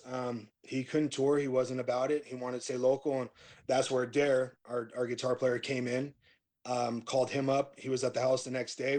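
Talking about his past as a podcast guest, a middle-aged metal singer rambles casually, full of fillers and restarted thoughts. His pitch is ordinary, sitting in the middle of the male range.

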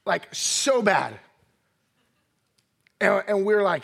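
A man in his thirties preaching a lively sermon, acting out little quoted voices and laughing often as he talks. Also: high voice, very slow, gravelly, long pauses. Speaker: pastor. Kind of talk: energetic sermon.

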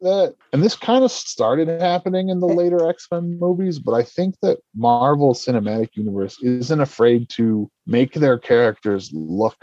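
A man's voice: medium pitch, lively intonation, normal speed, few pauses, warm tone, no room sound, highs cut off. A man co-hosting a casual podcast chat, rambling and restarting mid-sentence. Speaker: podcast co-host.

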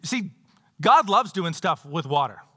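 A man's voice: on the high side, sing-song, unhurried, pushed and bright. A male pastor preaching a sermon in a church. He talks conversationally, reads scripture aloud, and adds playful asides. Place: church sanctuary. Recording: long hall reverb.

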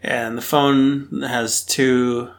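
A man's voice: mid-range voice, flat delivery, very slow. A man co-hosting a casual podcast recap, rambling and hesitant, correcting himself as he goes. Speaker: podcast co-host recapping a show. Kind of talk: casual chat.

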